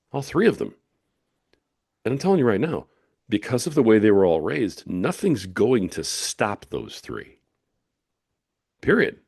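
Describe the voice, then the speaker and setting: A man's voice: low voice, darkish tone, no room sound, clean studio sound. A middle-aged man hosting a solo podcast, talking in emphatic, preachy, punchy declarations. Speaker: podcast host.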